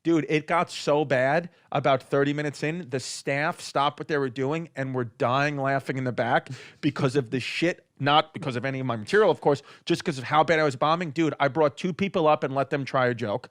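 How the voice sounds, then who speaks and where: Give the listener a stand-up comedian caught mid-story on a podcast, a man with a slightly high voice. He tells it loose and profane, jumping into other people's voices to act out each scene. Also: fairly quick, hardly any pauses. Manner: animated, profane, acts out other people's lines.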